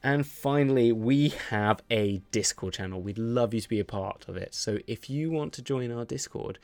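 A man's voice: mid-range voice, normal speed, a little mellow. Rambling man running a game. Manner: rambling, full of "like" and "sort of". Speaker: dungeon master and show host. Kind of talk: casual game narration and outro chat.

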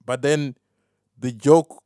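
A steady, warm, medium-pitched male voice speaking slowly, captured in a dry, clean studio recording. He hosts a solo podcast where he rambles, jokes at his own expense, laughs at his own jokes, and keeps saying "fam."

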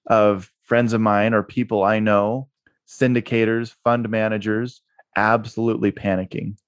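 Podcast guest: man, low voice, energetic anecdote-driven talker, dry studio sound. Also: clean tone, no room sound. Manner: energetic storyteller who repeats words for emphasis. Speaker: guest, real estate investor and broker. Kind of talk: podcast interview. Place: Utah.

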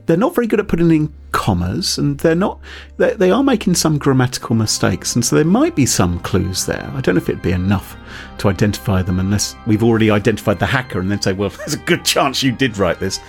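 Wry, lively male podcast host. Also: mid-range voice, quick pace, creaky, soft background music. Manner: chatty, wry, explains with asides. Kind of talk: casual tech news chat.

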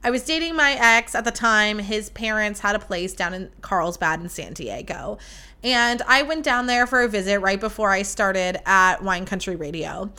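A young woman hosting a podcast, telling a story in a casual, animated and profane way. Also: mid-range voice, moderate pace, clean tone. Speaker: podcast host.

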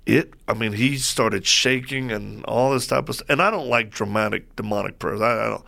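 A man as a guest on a faith talk show, telling stories in a lively way and acting out what people said. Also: lowish voice, normal speed, creaky. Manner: lively storyteller who acts out quoted voices.

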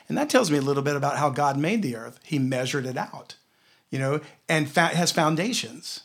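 A man with a Southern US accent teaching a conversational Bible lesson, telling stories and slowing down to read scripture aloud. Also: on the high side. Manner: storytelling, slows down to read scripture.

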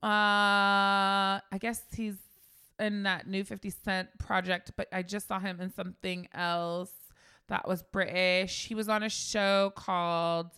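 Brief: female co-host, playful and riffing, casual banter, middle pitch. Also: flat delivery, slow, pushed and bright, clean tone. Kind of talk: casual chat.

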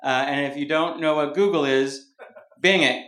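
A man's voice: fairly high pitch, normal speed. A man from California doing a rambling, self-mocking stand-up set on a club stage before a live audience. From Mountain View, California. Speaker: stand-up comedian. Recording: roomy live club recording, background noise.

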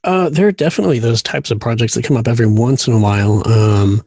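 A man's voice: mid-range voice, fast, darkish tone, dry recording, clean studio sound. A man talking as a guest in a casual chat, hesitant and restarting his sentences. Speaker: guest, designer.

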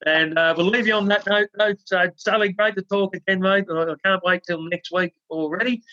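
Podcast guy spinning a long joke, kinda high voice, dull dry audio. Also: steady tone, moderate pace, bright, forceful tone. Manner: rambling storyteller with fillers. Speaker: podcast co-host. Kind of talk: casual joke-telling and chat.

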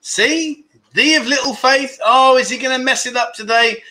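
Middle-aged British male streamer, cheeky banter, high, sharp-edged voice. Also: moderate pace. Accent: British English. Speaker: livestream host. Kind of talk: casual livestream chat.

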